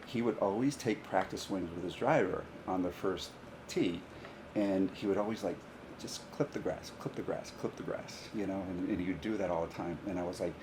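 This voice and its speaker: A man, a high school golf coach, telling stories in a casual podcast chat and often laughing through them. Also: normal speed, background noise. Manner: animated, laughs through his own stories.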